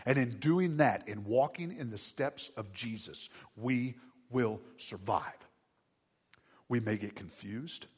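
A middle-aged man preaching a sermon, moving from quiet asides to loud, emphatic exhortation. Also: mid-range voice, slow, breathy edge, big-room sound. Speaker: pastor.

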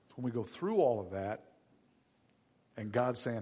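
A middle-aged male pastor preaching a sermon, animated, acting out little voices. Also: mid-range voice, measured pace, husky. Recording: long hall reverb.

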